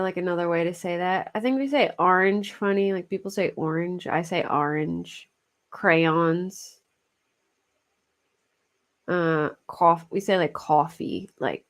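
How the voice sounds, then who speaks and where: Chatty woman with a Philadelphia accent. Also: on the low side. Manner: chatty, laughs often, self-conscious about her pronunciation. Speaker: true crime livestream host. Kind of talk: casual chat with live chat viewers.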